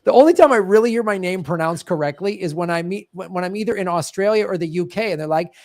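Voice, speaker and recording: A man with a Chicago accent chats casually on a podcast, spinning anecdotes and laughing as he goes. His voice sits a little high. The sound is dry and close to the mic. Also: fast talker, no echo. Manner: chatty storyteller, laughs often. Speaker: podcast co-host. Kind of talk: casual chat.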